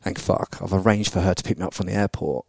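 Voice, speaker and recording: A man's voice: low voice, fairly even intonation, fast, creaky, a little mellow, a little hiss or hum. A man, telling a candid personal story as a podcast guest, blunt and full of swearing. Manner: blunt and sweary, with frequent tag questions.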